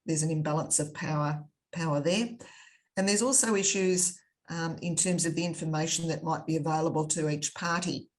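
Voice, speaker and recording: An Australian woman speaking as a panelist in a webinar, thoughtful and measured, with frequent fillers. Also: deep voice. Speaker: panelist on conflict resolution. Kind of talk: webinar discussion.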